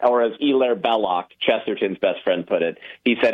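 A man's voice: fairly low pitch, normal speed, few pauses. A male guest on a talk show, explaining points in a casual, rambling way with many fillers. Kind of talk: casual chat. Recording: tinny phone-line audio.

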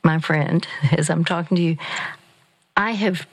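An older woman giving gentle, measured Christian counsel on a call-in radio show. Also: low voice, breathy edge, dry recording, rough recording. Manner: slow, gentle, measured, with fillers.

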